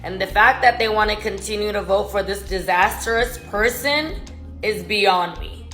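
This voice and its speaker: A woman's voice: medium pitch, moderate pace, sharp tone, faint music behind. Exasperated woman in an echoey room. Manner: dismissive, exasperated. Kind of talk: political commentary.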